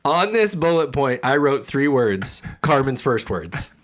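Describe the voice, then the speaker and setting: A man co-hosting a comedy podcast, agreeing warmly and running the review segment with playful mock grandeur. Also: medium pitch, sing-song, unhurried. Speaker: podcast co-host. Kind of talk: casual comedic movie review chat.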